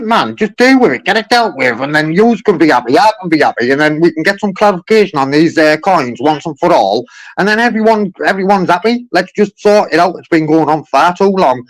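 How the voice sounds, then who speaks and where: A man's voice: fairly high pitch, low-quality recording. Frustrated man complaining on the phone. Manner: frustrated, repetitive, keeps saying mate. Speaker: complaining customer on a phone call. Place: in a car.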